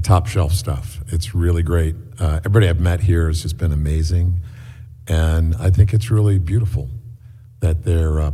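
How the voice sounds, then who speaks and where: Middle aged guy preaching, low husky voice, chatty with lots of ums, echoey church hall. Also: dark tone. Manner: conversational storytelling with many fillers. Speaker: guest preacher. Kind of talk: sermon.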